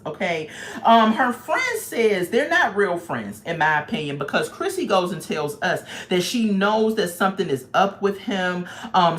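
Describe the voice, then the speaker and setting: A woman speaking straight to her viewers in a loose, casual recap. She is blunt and emphatic, leans on slang, and tells the story with plenty of animation. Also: lowish voice. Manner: animated storytelling, acts out people's voices. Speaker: YouTube reality-show reviewer. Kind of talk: casual chat.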